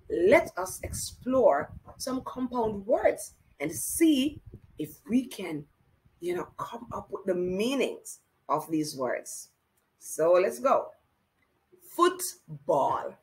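Slow, lively-voiced woman teaching children to read. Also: mid-range voice, low-quality recording. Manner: encouraging, slow and sing-song, addressing a child directly. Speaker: reading teacher. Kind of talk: children's reading lesson.

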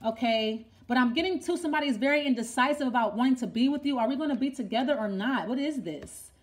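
High-voiced woman giving a tarot reading. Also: animated, fast talker. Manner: thinks aloud, repeats herself, asks the cards questions. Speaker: tarot reader.

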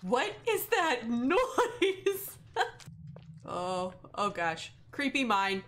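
A woman's voice: on the high side, sing-song, drawn-out words, fairly bright tone, slight background noise. A woman streamer playing a horror game, jumpy and nervous, gasping, shrieking and giggling at the scares. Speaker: gaming streamer. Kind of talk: let's play commentary.

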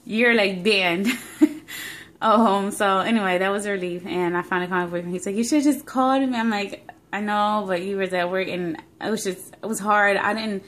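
A woman's voice: mid-range voice, a bit bright. A young woman telling a rambling, emotional story in a casual pregnancy vlog, recorded on her phone. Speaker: vlogger.

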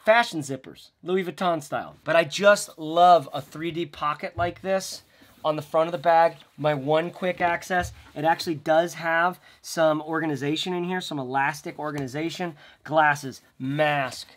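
A man's voice: a little high, fairly even intonation, moderate pace, a bit bright. A man giving a casual vlog review of bags, chatty and rambling with playful asides. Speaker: bag reviewer.

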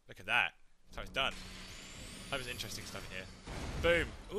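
A young man chatting through a video game playthrough in a jokey, excitable way. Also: mid-range voice, normal speed, long pauses, a little hiss or hum. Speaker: let's play gamer. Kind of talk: casual game commentary.

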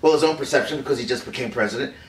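An actor playing an aging male film director recounting a secret meeting, speaking in a halting, hesitant way full of pauses and fillers. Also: mid-range voice, lightly acted. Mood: rambling. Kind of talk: improvised mockumentary acting. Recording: roomy sound, mic at a distance.

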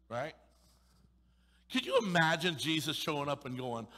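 A male pastor preaching an emphatic, sarcastic sermon, swinging between loud pushes and sudden hushed asides. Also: on the high side, sing-song, normal speed, pauses often, in a large hall. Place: church sanctuary.

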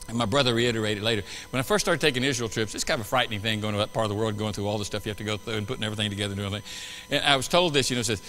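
A man pastor preaching a sermon with animated swings between loud bursts and quiet asides. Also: fairly low pitch, very fast, big-room sound, slight background noise, low-quality recording. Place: church sanctuary.

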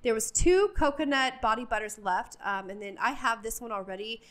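A woman's voice: a little high, a little fast, fairly bright tone. A woman vlogging a casual store walk-through, chatty and enthusiastic, with lots of ums as she gushes over products. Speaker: shopping vlogger. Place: inside a retail store.

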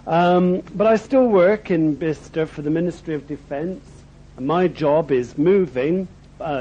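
A man's voice: fairly high pitch, warm tone, slight background noise. A middle-aged man with an Oxfordshire accent giving a humorous after-dinner testimony talk, with frequent ums. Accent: Oxfordshire English. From Berkshire, England. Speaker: speaker at a dinner. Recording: dull lo-fi recording.

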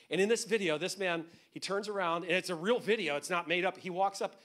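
A man's voice: high-pitched, fast talker, few pauses, a bit bright. A man preaching a sermon as pastor, in a conversational, joking manner that often acts out what people say.

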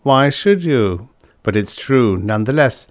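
A man voicing a fat, jovial, scheming crime boss with a suave, pompous, unhurried manner in a science fiction audiobook. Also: mid-range voice, lively intonation, dry recording, clean studio sound, pitched above the performer's own voice, lightly acted.

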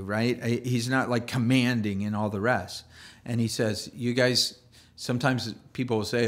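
Man, pastor, sermon, mid-pitched voice, conversational, playful asides, restarts. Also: fairly even intonation, moderate pace.

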